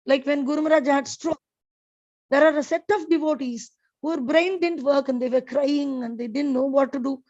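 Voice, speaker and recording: A woman's voice: sits high, normal speed, a little mellow, muffled recording. A woman giving a devotional scripture class, telling stories with many fillers and restarts. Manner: storytelling with frequent fillers and restarts.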